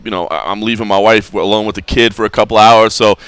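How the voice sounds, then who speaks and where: A man's voice: fairly low pitch, steady tone, fast talker, a bit bright, clean tone, no echo. A man co-hosting a radio show, chatting casually and rambling with restarts. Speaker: co-host. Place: radio studio.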